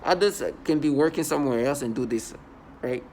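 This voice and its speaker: A man's voice: medium pitch, fairly quick, a little mellow, slight background noise. A man in an angry personal monologue to camera at home, defiant and scornful, often repeating and restarting his words. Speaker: vlogger. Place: at home indoors.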